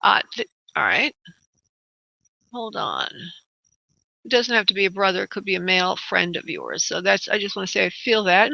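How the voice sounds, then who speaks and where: A woman hosts a call-in psychic radio show, chatting in a rambling way and calling her callers honey and darling. Her voice is bright and ringing. The sound is dull and lo-fi, recorded dry and close with no room echo. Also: mid-range voice, gravelly. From United States. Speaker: psychic medium radio host. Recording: dull lo-fi internet radio audio.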